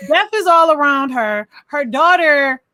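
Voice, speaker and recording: Brief: a high, bright-voiced woman co-host, emphatic and casual, dry close sound. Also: lively intonation, a little slow, no room sound. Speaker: podcast co-host. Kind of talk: casual movie review chat.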